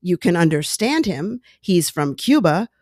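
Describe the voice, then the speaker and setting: Lady rambling through a story, lots of pitch ups and downs, bone-dry sound. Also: unhurried, dry recording. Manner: chatty, digressive, animated. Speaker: podcast host. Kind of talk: casual monologue commentary.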